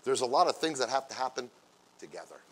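A man preaching as a pastor, acting out everyday scenes in playful quoted voices and building from quiet asides to loud, drawn-out exclamations. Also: medium pitch, big pitch swings. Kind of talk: sermon.

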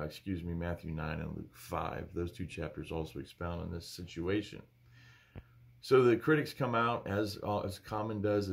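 A male pastor teaching from the Bible in an emphatic, animated preaching style. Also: lowish voice, gravelly.

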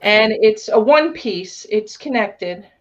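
A woman with a Long Island accent runs a live online sale in relaxed patter, calling out sizes and greeting buyers by name. Her voice sits in an ordinary middle register. The recording sounds a bit dull and muffled. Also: medium pitch, slow pace. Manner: chatty, reads out item sizes and buyer names. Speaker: host of a live resale auction.

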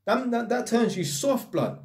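A man's voice: very high-pitched, measured pace. A young man with a London accent, talking casually to camera in street slang and telling stories with energy. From North London. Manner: slangy street talk, animated storytelling. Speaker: vlogger.

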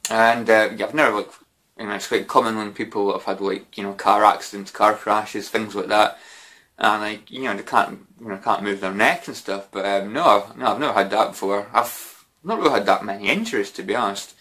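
A man chats through viewer questions in a relaxed, meandering way. His voice sits fairly low yet sounds bright and forceful, and he keeps padding his answers with "you know" and casual swearing. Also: a little fast. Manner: rambling, lots of "you know" and mild swearing. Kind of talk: casual Q&A chat.

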